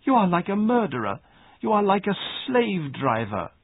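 A man's voice: high-pitched, huge pitch swings, moderate pace, breathy edge, no room sound, voice pushed up, heavily acted. A man voicing a ten-year-old orphan girl in a read-aloud story, indignant and protesting. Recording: dry phone-like sound.

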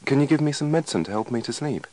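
A man's voice: medium pitch, expressive, rapid-fire, a little mellow, voice pushed up, lightly acted, poor audio. A man voicing an anxious, overworked male patient in a scripted dialogue reading, with a worried, pleading manner.

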